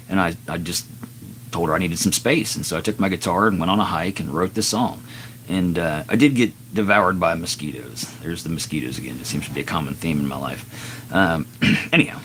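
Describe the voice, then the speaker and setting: A raspy, middle-aged singer-songwriter chatting earnestly and self-deprecatingly on his live stream between songs. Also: low-pitched, brisk, fairly bright tone, slight background noise.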